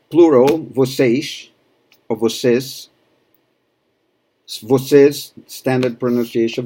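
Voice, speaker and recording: A man's voice: medium pitch, a little mellow. A man from Rio de Janeiro, a native Portuguese speaker with a Brazilian accent, teaching a Portuguese lesson in English and patiently repeating words for practice. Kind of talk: language lesson.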